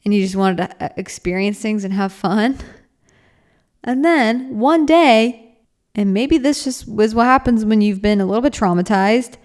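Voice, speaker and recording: Woman, young adult, podcast host, casual reflective talk, rambling, earnest, filler-heavy, mid-pitched voice. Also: moderate pace, a little mellow.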